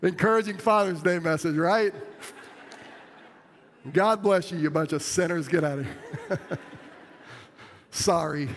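A man's voice: high-pitched, a little slow, long pauses, fairly bright tone, slight background noise. Earnest pastor man preaching in a reverberant hall. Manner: earnest, plainspoken, self-deprecating with laughs. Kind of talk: sermon.

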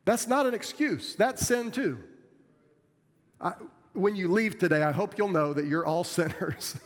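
A man's voice: high-pitched, unhurried, big-room sound. A middle-aged man preaching a sermon as a pastor, earnest and plainspoken, with self-deprecating humor.

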